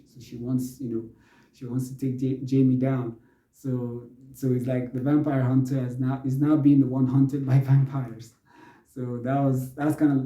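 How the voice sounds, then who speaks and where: A man's voice: medium pitch, dark tone, echoey room, low-quality recording. A young man giving a casual spoken movie review, rambling with many fillers and restarts.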